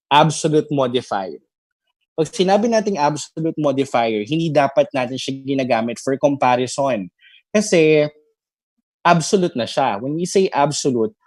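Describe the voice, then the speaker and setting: A man's voice: medium pitch, darkish tone, no room sound. Filipino man coaching, tag questions. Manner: explanatory, with frequent tag questions. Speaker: exam review coach. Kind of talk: live online grammar lecture.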